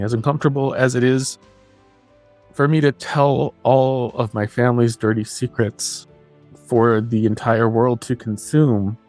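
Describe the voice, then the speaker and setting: A man's voice: medium pitch, a little mellow. A man guest on a podcast, talking earnestly and with passion, repeating his phrases for emphasis. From New Mexico. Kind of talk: earnest interview talk.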